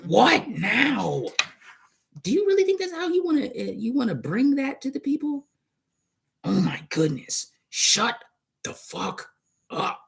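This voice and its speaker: A man's voice: very high voice, sing-song, slow, gravelly, sharp tone, husky. A man rambling and cursing in a casual monologue, arguing back and forth with himself. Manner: profane, rambling, argues with himself.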